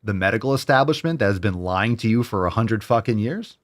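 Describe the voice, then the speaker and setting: A man's voice: lowish voice, lively intonation, fairly quick. A man hosting a solo commentary show, ranting in a heated, sarcastic, profane way and repeating phrases for emphasis. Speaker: podcast host.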